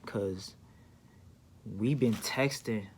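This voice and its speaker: A man's voice: fairly low pitch, drawn-out words, slight background noise. A young man casually telling a story from his life, with a laid-back slangy manner and lots of fillers.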